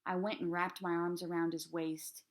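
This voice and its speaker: A teacher reading a children's chapter book aloud in a calm, steady storytelling voice. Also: female voice, lowish voice, moderate pace.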